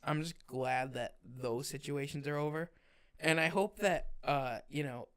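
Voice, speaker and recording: A man's voice: fairly high pitch, unhurried, clear, resonant tone. Young man telling a wild story. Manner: animated storyteller, acts out others' lines, swears casually. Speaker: podcast co-host, firefighter. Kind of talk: casual storytelling chat.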